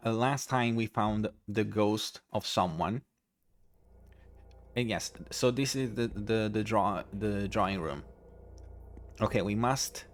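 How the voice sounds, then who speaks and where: A man streaming a video game, talking casually in a halting way with many restarts. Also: fairly low pitch, a little hiss or hum. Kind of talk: casual gameplay commentary. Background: faint game music.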